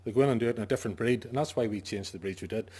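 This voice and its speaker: A man's voice: lowish voice, rapid-fire, darkish tone, breathy edge. A man, a sheep farmer, giving an informal talk to fellow farmers, stressing his points and asking himself questions, with the odd joke. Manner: emphatic, asks himself questions and answers them; jokey asides. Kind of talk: informal talk to a farming audience.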